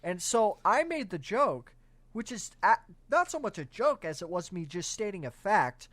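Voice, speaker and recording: A man's voice: high voice, sing-song, normal speed, fairly bright tone, no room sound. A young man co-hosting a casual movie-riffing podcast, ranting crudely and with lots of energy. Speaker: podcast co-host.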